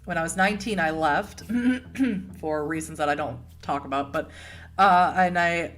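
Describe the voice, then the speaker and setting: A woman's voice: sits low, steady tone, moderate pace. Chatty Boston woman on a livestream. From Boston, United States. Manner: chatty, laughs often, warm and rambling. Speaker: streamer host answering chat. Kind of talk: casual livestream chat.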